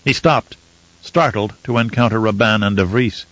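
A man narrating a novel in a measured storytelling manner. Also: on the low side, fairly bright tone, no echo. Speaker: audiobook narrator. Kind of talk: scripted audiobook narration. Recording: slightly muffled dry recording.

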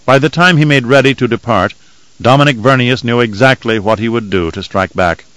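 A man reading an audiobook in measured, even scripted narration. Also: mid-range voice, no room sound, rough recording.

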